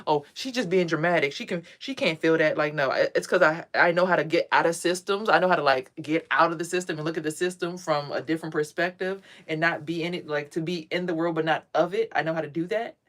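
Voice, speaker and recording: A woman's voice: low voice, steady tone, fast talker, few pauses, fairly bright tone. A woman talking casually to her viewers as a spiritual vlogger, blunt and profane, telling stories with emphasis. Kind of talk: casual monologue to a live chat.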